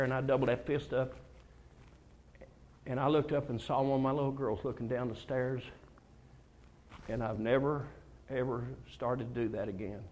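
A man's voice: medium pitch, a little mellow. An older man preaching a folksy, conversational sermon, telling personal stories and acting out talks with God. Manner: storytelling, acts out dialogues with God, emotional confessions.

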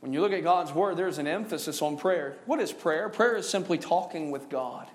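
A male pastor preaching a sermon, joking with the congregation and calling for responses, stretching out key words. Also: on the high side. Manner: call-and-response preaching, drawn-out emphasis; jokey, laughing asides. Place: church sanctuary.

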